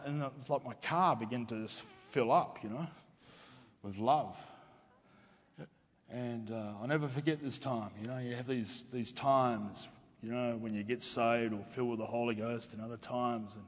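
A middle-aged man preaching a testimony sermon to a congregation, talking in a halting way with many fillers and restarts. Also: mid-range voice. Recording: long reverb of a hall.

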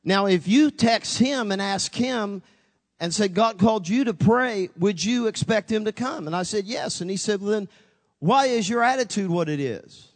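Brief: male pastor, high voice, dramatic storytelling preacher, big reverberant hall. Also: lively intonation, normal speed. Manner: dramatic storytelling, acting out his own voice and God's with wide pitch swings. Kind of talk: sermon. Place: church sanctuary.

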